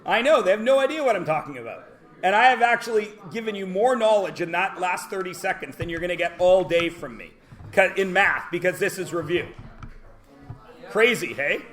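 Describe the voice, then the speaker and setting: A man's voice: high voice, lively intonation, a little fast, a bit bright. A Canadian man teaching a math class in a classroom, chatty, asking the class questions and answering them himself.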